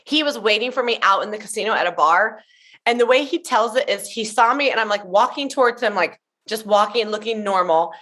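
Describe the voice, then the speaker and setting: A woman from Tennessee in her thirties, a guest chatting in an interview, telling animated stories full of "like" fillers. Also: medium pitch, fairly quick. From Tennessee, USA. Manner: gushing, animated storyteller with many "like" fillers. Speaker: guest, show emcee. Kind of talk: casual interview chat.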